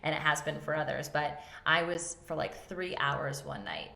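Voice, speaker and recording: Woman, podcast host, gravelly, low pitch, echoey room, animated storytelling. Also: normal speed, a little hiss or hum. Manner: animated, acts out her own quotes. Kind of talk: casual faith chat, storytelling.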